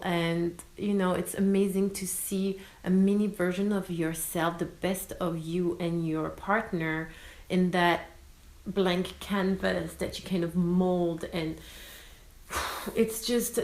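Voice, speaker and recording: The low-quality, reverberant audio captures a woman from France in her thirties whose voice sits on the low side as she takes it slowly. A mother with a French accent, she vlogs in a casual, expressive way, mixing in occasional French words.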